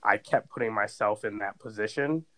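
Lowish-voiced man telling a story, rambling. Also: moderate pace, pushed and bright, rough recording. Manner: rambling storytelling, heavy use of "like". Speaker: podcast co-host. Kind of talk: casual podcast chat.

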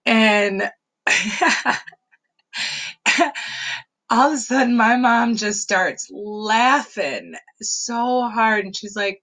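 A woman's voice: a little high, lively intonation, takes it slowly, a bit bright, poor audio. A woman telling family stories in a casual, rambling vlog monologue, often laughing and restarting her sentences. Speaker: vlogger.

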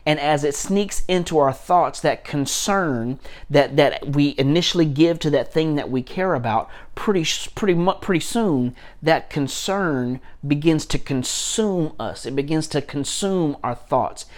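A man's voice: fairly high pitch, a little slow. A man, a pastor, preaching a sermon with emphatic repetition and frequent restarts.

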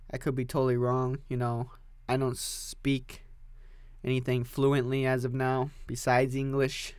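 On his solo podcast, a man goes on an unscripted rant, wandering from one idea to the next. His medium-pitched voice is crude and profane, full of swearing and sudden loud outbursts. The recording is dry, with no echo from the room.

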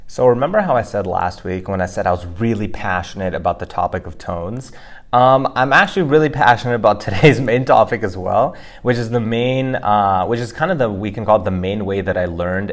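A young man co-hosting a podcast lesson, explaining at length in a quick, chatty way with fillers. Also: lowish voice. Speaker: podcast co-host teaching Mandarin.

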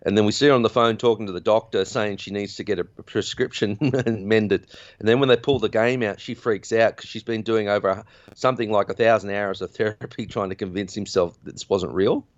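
Chatty podcast guy retelling a movie, lowish voice, kinda muffled lo-fi sound. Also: brisk, dry recording. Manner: rambling, chatty storyteller. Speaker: podcast host. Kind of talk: casual film recap chat.

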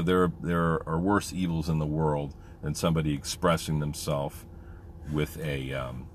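A low-pitched man, a military veteran, talks candidly in a casual monologue that rambles with plenty of fillers, with slight noise in the background.

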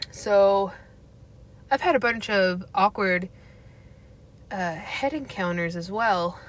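Slow-talking blunt, profane woman. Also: medium pitch, a bit bright. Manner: blunt and profane, laughs often. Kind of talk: candid casual rant.

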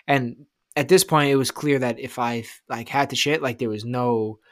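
Male co-host, casual podcast chat, profane and animated, mid-pitched, dry close sound. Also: normal speed, no echo. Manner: profane, animated, rambling, acts out quotes loudly.

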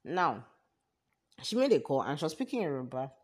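A young Nigerian woman hosting her podcast, telling a story in a chatty, animated, exasperated way with a Nigerian accent. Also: low voice, normal speed, breathy edge. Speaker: podcast host. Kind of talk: casual storytelling.

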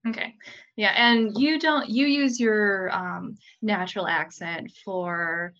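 A woman's voice: medium pitch, fairly even intonation, takes it slowly, fairly bright tone. A woman in a casual chat with a slightly dull, muffled sound. She asks curious follow-up questions and laughs easily.

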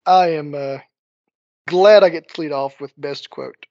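A man hosting a casual podcast chat, enthusiastic and halting, leaning on fillers as he talks. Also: a little high, darkish tone, no room sound, highs cut off.

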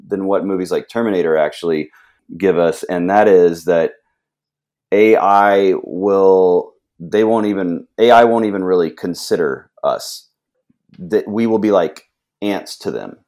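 Man, very deep voice, hesitant, co-host, casual chat. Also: measured pace, a little mellow. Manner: hesitant, trailing off. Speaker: podcast co-host. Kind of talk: casual film discussion.

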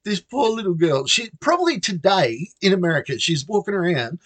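Brief: Australian man, lively up-and-down storyteller, chuckles often, dry close sound. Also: sits high, a little fast, no echo. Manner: animated, laughing between phrases. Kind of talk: comic personal anecdote.

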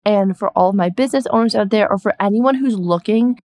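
A woman's voice: mid-range voice, brisk, a little mellow. A young woman hosting her own podcast, talking in a bubbly, effusive, casual way with lots of "like" as a business coach.

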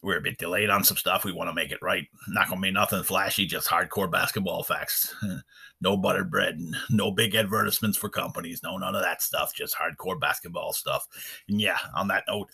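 A man's voice: deep voice, steady tone, fairly quick, vocal fry, bright, forceful tone, slightly rough. A man hosting an unscripted podcast, rambling in a folksy way with lots of fillers. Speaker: podcast host. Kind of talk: casual unscripted podcast chat.

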